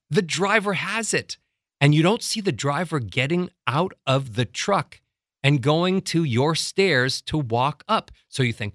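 A middle-aged man working as a voice coach, teaching breathing with lively, acted-out examples. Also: on the high side, measured pace, no room sound, clean studio sound. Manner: animated, acts out little scenes and demonstrates breathing. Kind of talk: instructional talk with acted examples.

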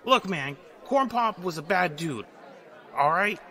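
A man puts on a rambling, confused old president in a high, folksy voice. He drifts from one odd tangent to the next over a noisy crowd. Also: animated, slow pace, exaggerated voice. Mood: defensive. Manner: meandering, folksy digressions.

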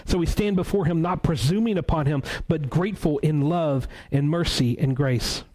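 Male pastor, warm mellow tone, earnest preacher who repeats words for emphasis. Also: on the high side, rough recording. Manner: reads scripture aloud slowly. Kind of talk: sermon.

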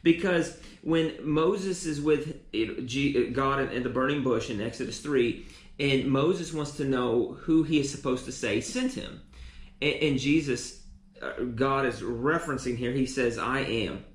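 Male preacher, teaching sermon, halting restarts, roomy reverb. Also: mid-range voice. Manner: repeats words often, restarts.

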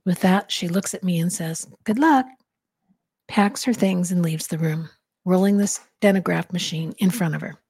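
A woman reading aloud from her own novel, voicing the dialogue in a calm, even storytelling manner. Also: lowish voice, normal speed, husky. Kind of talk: audiobook-style reading.

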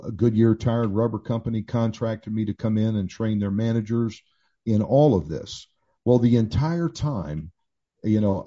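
A man's voice: fairly low pitch, mellow. A man in his sixties, a pastor and author, telling his own story candidly in a casual conversation, with many restarts and fillers. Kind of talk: conversational testimony. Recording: dull lo-fi sound.

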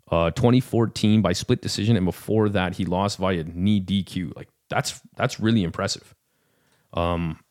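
Casual, low-voiced man talking fights. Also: darkish tone. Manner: rambling, self-deprecating, full of fillers and hedges. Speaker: podcast host. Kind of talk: casual chat about fights.

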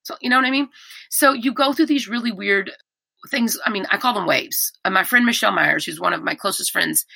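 Candid woman, bright gravelly voice. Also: mid-range voice, a little fast, no echo. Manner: candid, animated, many restarts. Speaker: podcast guest. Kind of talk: emotional personal conversation.

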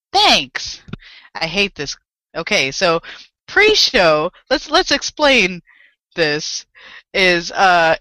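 A woman co-host chats loosely on a live podcast, rambling, swearing and laughing. Her voice is bright and forward, caught close on a dry home microphone. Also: on the low side, no echo, low-quality recording. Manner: rambling, profane and quick to laugh. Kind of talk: casual chat.

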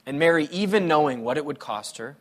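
A man's voice: on the high side, a little fast. A male pastor preaching a sermon, telling personal stories in a conversational, playful way. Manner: conversational, animated storytelling with playful humor.

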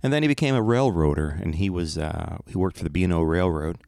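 A man's voice: deep voice, fast, creaky, a little mellow, no room sound, clean studio sound. A middle-aged man hosting his podcast alone, rambling in a playful, self-mocking way. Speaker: podcast host. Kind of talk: casual solo podcast monologue.

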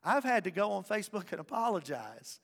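A man preaching a sermon as pastor, impassioned, swinging from loud declarations to hushed asides. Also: sits high, big pitch swings, fairly quick, vocal fry. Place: church sanctuary. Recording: reverberant church hall with faint music.

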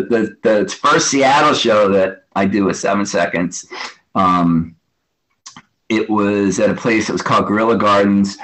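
A man's voice: fairly low pitch, a bit bright, poor audio. A man in his fifties, a guest drummer, telling stories in a casual interview. He rambles, swears casually and acts out what others said.

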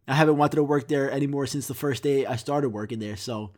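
A man's voice: medium pitch, a little fast, darkish tone. A young man hosting a podcast, answering viewer comments in rambling, profane, jokey casual chat. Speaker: podcast host.

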